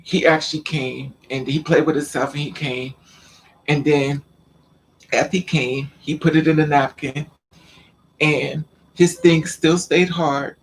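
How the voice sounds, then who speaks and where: A man telling a personal story in a casual vlog, talking in an animated way with stammering repeats and acting out the lines of the people in it. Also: a little high, unhurried. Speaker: vlogger.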